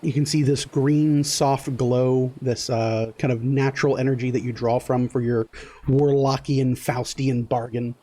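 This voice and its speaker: A man running a tabletop game as game master, narrating in a loose, halting way full of fillers. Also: mid-range voice, steady tone, mellow.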